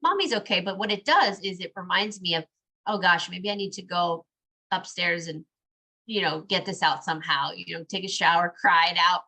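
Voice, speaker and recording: A mother talking in a casual podcast conversation, lively, acting out bits of quoted dialogue as she goes. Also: fairly low pitch, normal speed.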